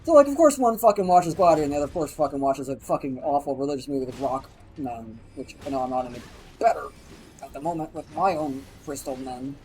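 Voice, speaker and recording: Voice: medium pitch, fast, darkish tone, slight background noise, low-quality recording. A streamer telling a story in a casual live stream, swearing freely, rambling and acting out the people being quoted.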